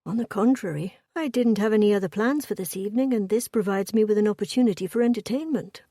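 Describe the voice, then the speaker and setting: Audiobook gentleman, composed and dry-witted, read by a woman, warm and breathy. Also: mid-range voice, fast talker, no room sound, natural voice. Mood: wry. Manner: dry, calm deflections. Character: wry, composed gentleman husband.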